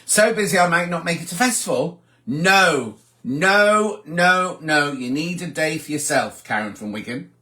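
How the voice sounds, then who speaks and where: Older man hosting a relaxed live chat; animated, bright voice, reads out and answers viewer messages. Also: on the high side, a little fast, hardly any pauses. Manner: chatty, reads out comments and answers them. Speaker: host of a sewing livestream. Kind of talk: casual live chat reading viewer comments.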